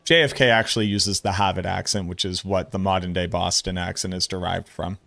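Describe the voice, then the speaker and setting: A man streaming, giving casual commentary in a blunt, excitable way and swearing freely. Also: low voice, fairly quick, vocal fry, no echo.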